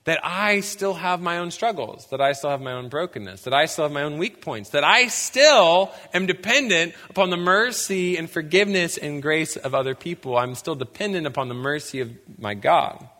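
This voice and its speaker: A young man preaching a sermon as a pastor, telling lively stories and breaking into shouts to act out scenes. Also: a little high, moderate pace, hardly any pauses. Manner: animated storytelling, bursts into shouts when acting out scenes. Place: church sanctuary. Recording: long hall reverb.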